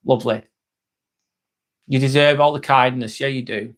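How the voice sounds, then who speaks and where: A man's voice: mid-range voice, very animated, normal speed, pauses often, a bit bright. A man with an English accent, casually chatting on a livestream and answering viewer comments by name, swearing freely. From England. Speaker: live streamer.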